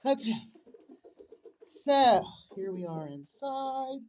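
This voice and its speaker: A woman's voice: mid-range voice, measured pace, long pauses. A woman vlogging on a homestead in a windy snowstorm, chatty and cooing to her animals, a little out of breath. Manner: chatty, coos affectionately at animals. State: out of breath from wind. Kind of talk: casual vlog chat to camera. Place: outdoors in a windy snowstorm and in a coop. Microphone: handheld camera.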